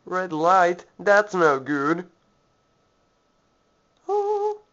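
A man's voice: medium pitch, slow, a bit bright. A man commentating on a video game with sarcastic jokes, at times putting on a mock-posh British voice. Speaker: let's play gamer. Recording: lo-fi sound with game music.

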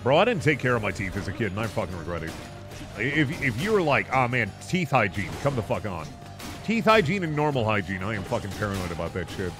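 A man doing casual game-stream commentary, ranting and cursing with mock outrage. His voice jumps around animatedly in pitch, and faint game music plays behind him. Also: sing-song, quick pace.

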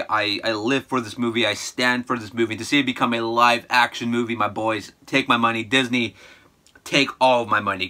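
Bright, excitable male reaction host. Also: mid-range voice. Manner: excitable and emotional, keeps calling viewers "my boys". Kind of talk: excited reaction video chat.

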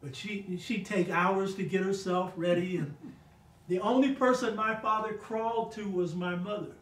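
Older man, high voice, echoey distant room. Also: normal speed, a bit bright. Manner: emphatic, keeps asking "you know what I mean?". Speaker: guest speaker on a talk show. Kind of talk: casual storytelling conversation.

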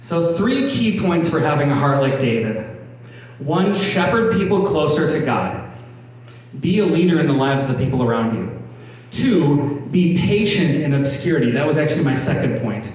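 A man's voice: on the high side, big pitch swings, moderate pace, darkish tone. A man preaching a sermon as pastor, earnest and emphatic, repeating his key points. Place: church hall. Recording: echoey hall from a distant mic.

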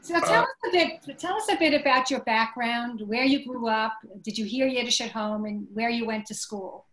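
A woman host, an editor, reading a scripted introduction and then interviewing a guest on a video call, measured and clear. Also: fairly high pitch, fairly bright tone, a little hiss or hum. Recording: echoey room on a video call.

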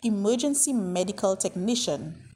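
A woman's voice: mid-range voice, lively intonation, moderate pace, mellow, a little hiss or hum, lightly acted. A woman voicing a worried father who speaks firmly and emphatically. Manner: firm, emphatic. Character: worried grown father, firm and caring.

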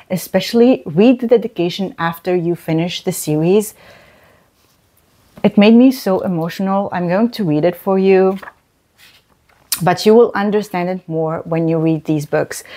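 Unhurried, emphatic woman reviewing books. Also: fairly low pitch, dark tone. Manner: emphatic, repeats words for stress. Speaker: book reviewer. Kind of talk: casual book review monologue.

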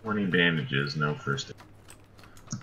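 A man's voice: extremely low pitch, slow, pushed and bright, slight background noise. A young man chatting as a teammate during a game, teasing dryly and laughing easily. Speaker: gaming teammate. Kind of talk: casual gaming banter. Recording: keyboard clicks behind voice.

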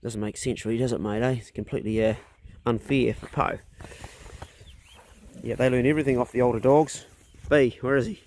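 This middle-aged hunter and vlogger speaks a little fast with fairly even intonation and a darkish, mid-range voice, with slight background noise. He's chatting casually into his phone outdoors on rural land, blunt and easygoing with mild swearing, often coaxing his dogs in a raised voice.

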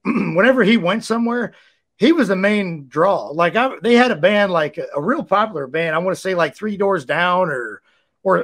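A man from Ohio, a former wrestler, telling stories as a guest in a casual, animated way, laughing often and leaning on "you know.". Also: high-pitched. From Ohio, USA. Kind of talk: casual storytelling.

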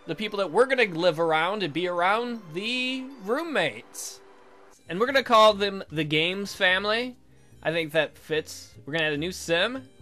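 A man talks through a life-sim game in loose, joking commentary and swears often. His voice sits high with a bright, sharp edge, and faint music plays underneath. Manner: joking, rambling, swears freely. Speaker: video game let's player. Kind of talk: casual gameplay commentary.

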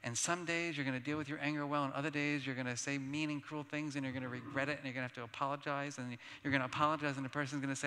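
Bright-voiced man speaking in a hall. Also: mid-range voice, very fast, hardly any pauses, a little hiss or hum. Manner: animated, self-deprecating storytelling with laughs. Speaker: keynote speaker. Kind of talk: conference plenary talk with personal anecdotes. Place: large conference hall. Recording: long reverb of a large hall.

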